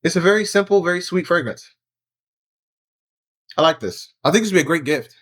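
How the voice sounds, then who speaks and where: A man hosting a casual review vlog, chatting off the cuff. His voice sits a little higher than most men's, and he thinks out loud, trailing into fillers and correcting himself as he goes. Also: animated, brisk. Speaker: fragrance reviewer, channel host.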